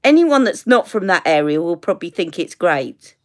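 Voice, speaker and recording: On her live makeup stream, a British beauty vlogger speaks at a moderate pace in a fairly low, very animated voice. Her chat is full of laughter and tangents.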